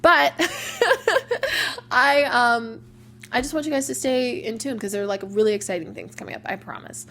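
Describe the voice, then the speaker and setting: A woman's voice: a little high, brisk, a bit bright. A young woman hosting a casual personal podcast, talking openly and emotionally with lots of "like" fillers. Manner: chatty, open and emotional, many "like" fillers. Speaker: podcast host.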